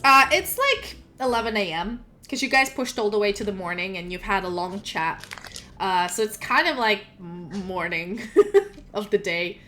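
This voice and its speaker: A woman's voice: mid-range voice, lively intonation, moderate pace, pushed and bright, slight background noise. A woman narrating a tabletop game as game master, rambling with many ums and restarts.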